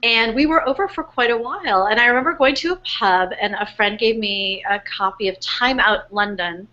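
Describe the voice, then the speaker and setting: An author speaking from home over a webcast, a woman with a slightly high voice, earnest and animated as she recounts where her book began. The sound is dull and lo-fi. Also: normal speed. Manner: earnest, animated, with many fillers and restarts. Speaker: author being interviewed. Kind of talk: casual storytelling interview. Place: home in New York, remote webcast.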